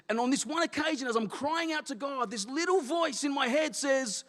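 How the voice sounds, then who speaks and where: Animated Australian pastor in a reverberant hall. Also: male voice, extremely high pitch, normal speed, few pauses. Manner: candid storytelling, acts out his own prayers. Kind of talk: sermon. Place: church auditorium. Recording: long reverb of a church hall.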